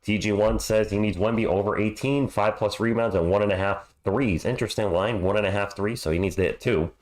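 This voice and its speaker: A hoarse man hosting a live sports stream, chatting upbeat and greeting viewers by name. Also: lowish voice, steady tone, a little fast. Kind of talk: casual live play-by-play chat.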